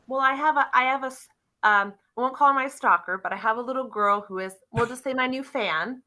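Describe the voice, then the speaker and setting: A woman guest on a car podcast, telling animated stories and acting out quotes with lively voices. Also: fairly high pitch, brisk, rough recording. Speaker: guest, car club member. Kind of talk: casual interview storytelling.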